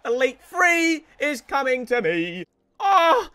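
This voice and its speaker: A young man commentating his own football video game matches, hoarse from yelling celebrations. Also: extremely high pitch, lively intonation, moderate pace. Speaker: gaming YouTuber.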